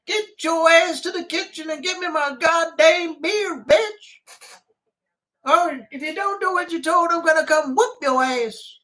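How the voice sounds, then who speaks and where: A crude, bossy American hillbilly, put on by a man, barking orders from his armchair in a high, strained drawl. He shouts and swears for his beer, and the voice sounds a little distant from the mic. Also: unhurried, full character voice. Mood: bossy, yelling. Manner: yelling, swearing, drawling demands.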